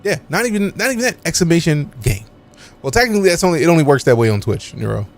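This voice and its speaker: A man's voice: on the high side, big pitch swings, fast, soft background music. A man live-streaming a game, chatting casually with his viewers and joking around with playful, mock-offended trash talk full of slang.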